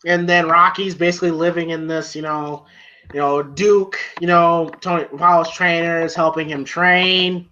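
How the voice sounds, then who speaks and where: A man with a fairly high, bright voice rambles through a movie recap, stopping often on filler words. The recording is dull and lo-fi. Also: little pitch movement, moderate pace. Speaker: movie reviewer. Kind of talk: casual podcast chat. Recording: dull lo-fi sound.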